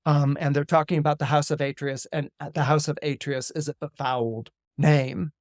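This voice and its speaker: A man, an astrologer guest on a podcast, retelling a Greek myth in a lively, dramatic way with casual asides. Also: a little high, normal speed, no echo, studio quality. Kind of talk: animated myth storytelling on a podcast.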